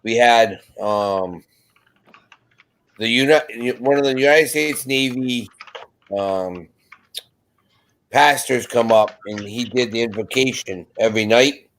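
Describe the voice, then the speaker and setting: A man chatting on a video call, telling lively anecdotes and putting on voices for the people in them. His voice sits at an ordinary pitch for a man. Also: slow pace, long pauses, slight background noise. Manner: animated storyteller, acts out quotes. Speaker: panel guest. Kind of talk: casual chat.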